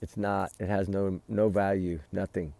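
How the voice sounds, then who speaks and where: A man vents in heated, emphatic commentary, his low voice rough with gravel. The tone is dark and dull. He talks outdoors at night beside a fire pit. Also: level tone, moderate pace, dry recording. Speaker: true-crime vlogger. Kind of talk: casual commentary.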